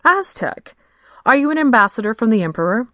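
A woman's voice: a little high, big pitch swings, a little fast, fairly bright tone, no echo, voice pushed up. A woman voicing a poised, dignified noblewoman. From London. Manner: composed, cool, formally polite.

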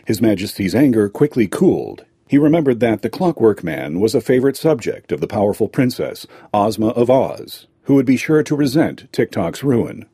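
A man narrating a fairy tale aloud in a lively storytelling manner. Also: on the low side, normal speed, hardly any pauses, breathy edge, no room sound, clean studio sound.

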